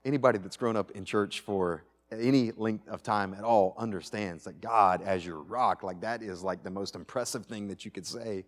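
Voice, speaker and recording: A man's voice: lowish voice, normal speed, hardly any pauses. Man preaching in an echoing church hall. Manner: animated, swings between loud emphasis and quiet asides; repeats and restarts phrases. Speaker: pastor. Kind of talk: sermon. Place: church sanctuary with audience.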